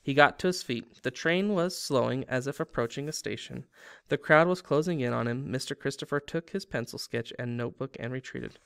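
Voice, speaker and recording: A man reading a novel aloud with steady storybook narration. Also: mid-range voice, fairly quick, vocal fry, clean tone, no echo, clean studio sound. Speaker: reader.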